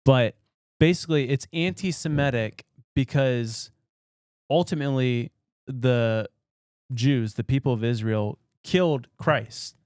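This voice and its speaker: Male podcast co-host, animated explainer, dry close sound. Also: mid-range voice, measured pace, clean tone, dry recording. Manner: animated, explains in loose restarts. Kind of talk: casual chat.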